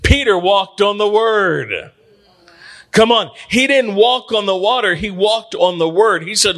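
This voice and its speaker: A male preacher delivering a Sunday sermon with a slightly higher voice than most men. He drives his points home by repeating phrases and slowing down on key words. Shouts of "hallelujah" and "come on" punctuate his preaching. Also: expressive. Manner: emphatic, repetitive calls with drawn-out words for stress; frequent interjections of "come on" and "hallelujah". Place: church sanctuary.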